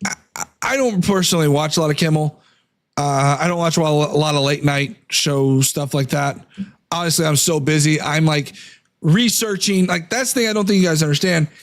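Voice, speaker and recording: A man's voice: on the high side, fairly quick. A young adult man hosting a political live stream, reading corporate statements aloud and tearing into them while losing his voice to a cold. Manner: reads statements aloud, then rants against them. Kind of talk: casual live-stream commentary.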